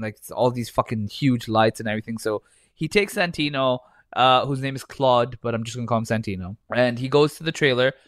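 A man's voice: mid-range voice, sharp tone, no room sound, clean studio sound. A man co-hosting a podcast, casually reviewing a film with a lot of swearing and laughter, acting out scenes as he goes. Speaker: podcast co-host. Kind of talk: casual movie review chat.

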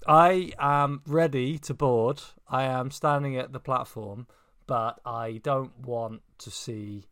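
A man co-hosting a casual fight podcast, wry and measured with dry humour. His voice is bright and sharp. It is recorded close and dry. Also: mid-range voice, fairly even intonation, smooth, no room sound. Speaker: podcast co-host.

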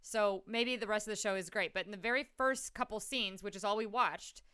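Bright-voiced woman in casual chat. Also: mid-range voice, brisk, clear, resonant tone. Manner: animated, laughing often, swears casually. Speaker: podcast co-host. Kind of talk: casual movie-review chat.

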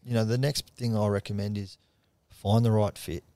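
A man's voice: fairly low pitch, level tone, moderate pace, warm tone, dry recording. A man, a guest on a podcast, talking in a casual, earnest and plain-spoken way. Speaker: podcast guest, charity co-founder. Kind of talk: casual chat.

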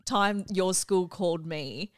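A middle-aged Australian woman co-hosting a podcast, chatting casually with expressive, laughing reactions. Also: lowish voice, takes it slowly, no room sound, studio quality. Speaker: podcast co-host, mother. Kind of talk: casual chat. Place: studio living-room set.

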